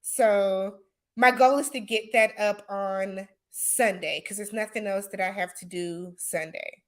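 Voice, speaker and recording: A woman hosting a casual livestream chat, answering viewer comments and laughing often, with relaxed speech full of y'all and imma. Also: mid-range voice, unhurried. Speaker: livestream host.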